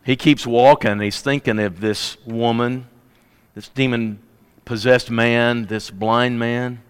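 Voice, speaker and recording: A man's voice: mid-range voice, steady tone, takes it slowly, clear, resonant tone, big-room sound. A man preaching, telling a story in a vivid, conversational way. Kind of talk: dramatic sermon storytelling.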